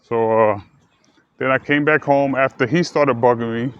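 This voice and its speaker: A man telling a personal story in a halting way, with many fillers, restarts and repeated words. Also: medium pitch, steady tone, smooth, dry recording. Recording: dull, dry lo-fi sound.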